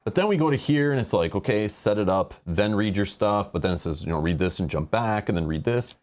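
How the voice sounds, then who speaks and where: A man with a fairly low voice plays through a board game, reading rules and story text aloud. He rambles and grows exasperated over how the rules are laid out. His talk is casual and unscripted. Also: expressive, fairly quick, a little mellow. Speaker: host playing a board game.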